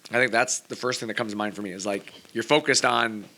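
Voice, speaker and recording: A man's voice: fairly low pitch, steady tone, quick pace, bright, forceful tone. A man hosting a podcast in casual chat, rambling and packing his talk with fillers like "you know" and "like". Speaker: podcast host.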